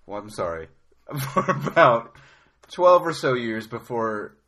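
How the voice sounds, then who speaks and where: Male comic podcaster, mock-formal deadpan, very lively pitch, bright tone. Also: takes it slowly. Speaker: podcast co-host in mock debate. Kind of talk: improvised comedy banter.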